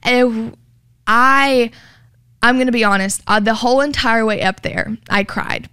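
A woman's voice: a little high, fairly even intonation, unhurried, bright, forceful tone, clean tone, no echo, studio quality. A woman telling her personal story in an interview, earnest and filled with "like", acting out what people said. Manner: earnest, heavy use of "like", acts out quoted dialogue. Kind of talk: personal testimony.

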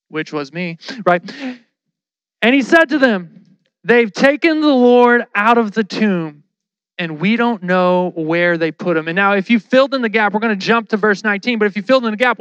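A man giving a casual, lively sermon, telling the story with slang and acting out the people in it. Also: high voice, smooth, no room sound.

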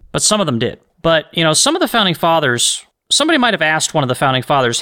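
A man's voice: mid-range voice, pushed and bright. A man hosting a solo podcast, arguing his opinions with rhetorical questions and frequent restarts. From United States. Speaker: podcast host.

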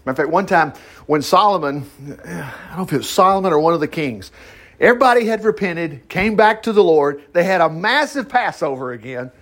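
A pastor leads an informal Bible study, reading scripture aloud and riffing on it in a folksy, chatty way full of asides. His voice is a little high and a bit bright, with lively intonation and a fairly quick pace.

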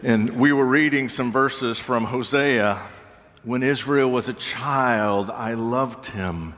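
An older man preaching a sermon, reflective and unhurried, with touches of gentle humor. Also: medium pitch. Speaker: pastor. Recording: long reverb of a large hall.

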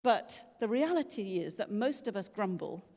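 A woman preaches a sermon in a church with long reverb from the large room, telling stories conversationally and acting out quoted voices. Her medium-pitched voice is animated and dark-toned, at a moderate pace.

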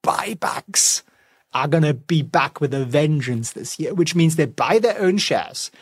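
A man's voice: fairly high pitch, moderate pace, breathy edge, no room sound, clean studio sound. A man giving casual stock market commentary at home, chatty and wry with sarcastic asides. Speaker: finance vlogger. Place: home, with a pet nearby.

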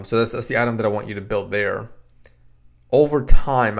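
Male podcast host, low gravelly voice, easygoing advice talk that repeats itself. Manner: conversational, repeats words, quotes clients in dialogue. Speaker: podcast host and practice consultant. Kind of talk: casual solo podcast advice. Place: home podcast room in a basement.

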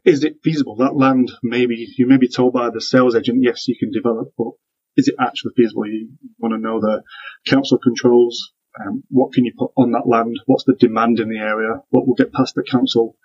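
A man from Manchester with a northern English accent speaks as a guest on a podcast. He sounds relaxed and works through points as a string of questions. His voice is husky, and the audio is dull and lo-fi. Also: mid-range voice, a little fast. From Manchester, northern England. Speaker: guest, property developer. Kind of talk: casual interview chat.

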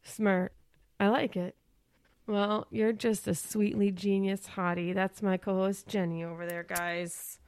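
A woman's voice: medium pitch, little pitch movement, a little slow, a little mellow, clean tone, dry recording. A woman in her thirties co-hosting a podcast in casual chat, who laughs often and trails off and restarts her sentences. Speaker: podcast co-host.

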